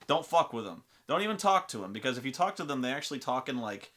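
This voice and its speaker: A man's voice: mid-range voice, big pitch swings, fast talker, a bit bright. A man telling a tabletop gaming story in casual, profane, rambling fashion. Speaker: storyteller and host.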